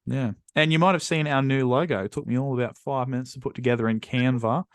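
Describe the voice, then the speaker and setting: A man's voice: mid-range voice, quick pace, dry recording. Laid-back Australian male podcast co-host, dry teasing wit, close and dry recording. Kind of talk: casual football podcast chat.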